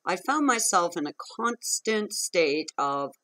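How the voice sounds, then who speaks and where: A woman's voice: fairly low pitch, sing-song, slow, sharp tone, rough recording. A woman vlogger telling her own story of an abusive relationship, frank, emphatic and profane. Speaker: vlogger on narcissistic abuse. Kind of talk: candid personal storytelling to camera.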